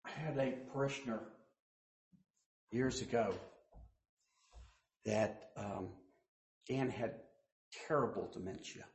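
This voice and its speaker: Slow-preaching male pastor in echoey church. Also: medium pitch, vocal fry. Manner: storytelling preacher, quoting others in hushed voices, rising to loud emphasis. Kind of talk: sermon. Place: church sanctuary.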